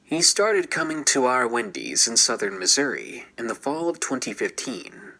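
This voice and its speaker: A man's voice: mid-range voice, sing-song, normal speed, bright, forceful tone, low-quality recording. A man narrating a true scary story in a scripted, dramatic way and dropping into whispers at tense moments.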